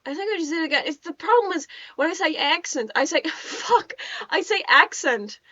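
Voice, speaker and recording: A woman's voice: very high voice, a little fast, a bit bright, dry recording, dull audio. A young woman rambling casually over a video game, often restarting her sentences, laughing and swearing as she talks. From Netherlands. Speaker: gaming YouTuber.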